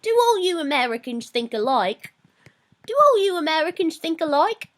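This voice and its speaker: A woman voicing a young woman who speaks in a put-on Cockney-style British accent and keeps repeating an insistent question in a loud, high voice. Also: big pitch swings, moderate pace.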